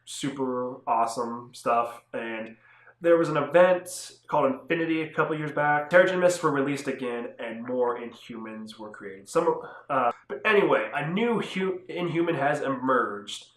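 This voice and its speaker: A man's voice: mid-range voice, lively intonation, moderate pace, fairly bright tone. A young man casually reviewing comic books on his channel, talking loosely with lots of fillers and restarts. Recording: echoey room.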